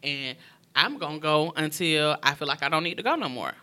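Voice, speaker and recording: A young woman recounting her own story in a frank, emotional conversation. Her voice is very bright and sharp. She speaks in quick, heartfelt bursts. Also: deep voice, lively intonation. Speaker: guest sharing her story. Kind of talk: candid personal storytelling.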